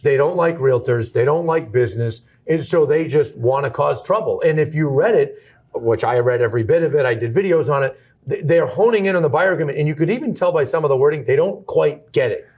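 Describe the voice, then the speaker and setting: A man's voice: a little high, a little fast, darkish tone. A man hosting an interview in casual conversation, talking bluntly and emphatically, cursing freely. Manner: curses freely. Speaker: host, brokerage owner.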